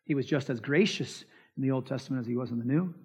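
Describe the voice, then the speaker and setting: A man's voice: medium pitch, fast talker, darkish tone, breathy edge. A man preaching a sermon, emphatic, asking the congregation rhetorical questions and acting out quoted lines. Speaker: pastor. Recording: dull lo-fi sound with long hall reverb.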